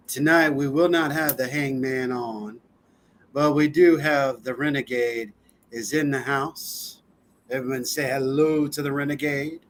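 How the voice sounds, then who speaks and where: A man's voice: mid-range voice, fairly even intonation, measured pace, a little hiss or hum. A man co-hosting a live-stream talk show, chatting casually with a loose, laughing, filler-heavy delivery. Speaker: co-host.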